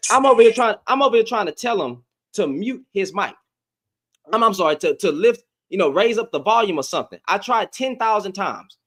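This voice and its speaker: A man's voice: high voice, lively intonation, a little fast, fairly bright tone. A man hosting a live audio debate, arguing heatedly and repeating his phrases over and over. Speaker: host.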